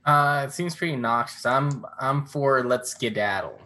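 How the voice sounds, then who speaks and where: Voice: mid-range voice, measured pace, pushed and bright. A player in a tabletop game, bantering wryly with the others. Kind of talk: casual chat at a tabletop game.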